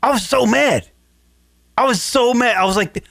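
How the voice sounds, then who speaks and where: A man's voice: very high-pitched, normal speed, gravelly, dry recording. A man hosting a radio talk show, rambling and swearing as he retells a story in casual comedic chat. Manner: profane, rambling, animated retelling.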